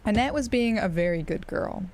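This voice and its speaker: A woman's voice: mid-range voice, animated, moderate pace, a little mellow. A woman with an American accent chatting casually on a live stream while gaming, rambling and laughing often.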